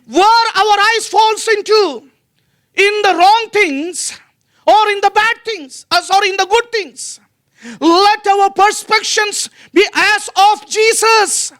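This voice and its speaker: High, bright-voiced man preaching slowly. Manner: earnest preaching with many fillers and restarts. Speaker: pastor. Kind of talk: sermon.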